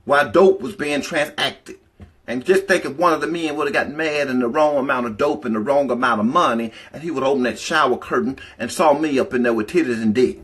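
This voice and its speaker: A man with a slightly raised pitch tells stories casually on a livestream. He talks in a profane, rambling way and stops now and then to greet the people in his chat. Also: pushed and bright. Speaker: livestream storyteller.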